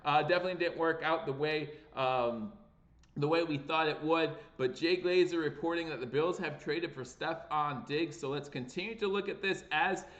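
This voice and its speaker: Male live-stream sports host, chatty and excitable, reads chat aloud; pitch on the high side, echoey room. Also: normal speed, muffled recording. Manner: excitable, reads viewer chat aloud, voice jumps up with breaking news. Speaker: livestream sports show host.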